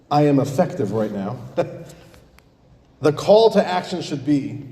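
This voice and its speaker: A man, a rabbi, giving an animated sermon with a joke, calling his audience dear friends. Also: medium pitch. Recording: echoey hall reverb.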